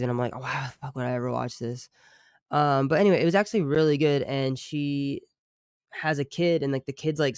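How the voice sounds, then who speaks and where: A man who makes true crime streams and music, chatting live with his viewers in a loose, rambling way, full of swearing and quick reactions to the chat. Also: medium pitch, gravelly, clear, resonant tone, no room sound, clean studio sound. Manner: profane, rambling, animated asides to chat.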